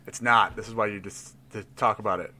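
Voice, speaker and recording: A man with a bright, forward voice talks casually about a tabletop role-playing character. He thinks aloud, rambling with restarts and little laughs. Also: lowish voice, steady tone, brisk. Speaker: player building a tabletop character. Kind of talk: casual chat.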